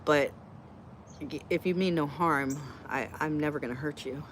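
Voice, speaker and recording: A woman's voice: low-pitched, normal speed, slight background noise. A middle-aged woman hosting a casual live Q&A, chatty, blunt and joking as she reacts to comments from her viewers. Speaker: livestream host answering chat.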